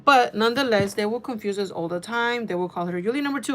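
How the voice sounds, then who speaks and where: A woman talking straight to camera in a casual storytime vlog, her voice at a middling pitch. She tells it chatty and animated, with a loose, profane edge, rushing through lines in quick bursts. A faint hum of noise sits under her voice. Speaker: vlogger.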